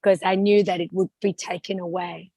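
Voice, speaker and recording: A woman podcast host speaking earnestly and reflectively about her feelings in a relaxed conversation. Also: on the low side, normal speed, dry recording, rough recording.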